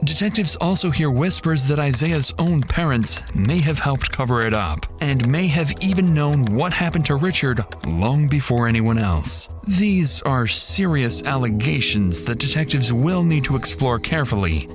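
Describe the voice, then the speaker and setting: A man giving measured, dramatic scripted narration for a true-crime documentary. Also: mid-range voice, animated. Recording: voice-over with loud background music.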